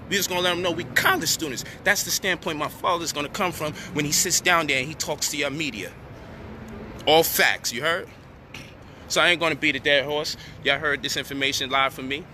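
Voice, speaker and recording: Indignant man ranting with a bright edge. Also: a little high, slight background noise. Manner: indignant, profane, rising to near shouting at times. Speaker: online commentator addressing his audience. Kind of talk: heated direct-to-camera rant.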